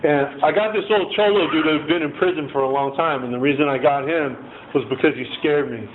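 A man's voice: fairly high pitch, fairly quick. A man telling his personal recovery story in a casual, rambling way, often adding "man" and "you know". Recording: tinny phone-like lo-fi audio with faint noise.

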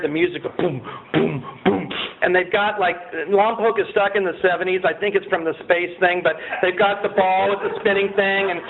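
High-pitched middle-aged guy rambling thru his recovery story, lots of uhs, thin phone-ish audio w faint hiss. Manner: rambling, many fillers, acts out quotes in a raised voice. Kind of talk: personal testimony to a group. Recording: tinny phone-like sound with faint noise.

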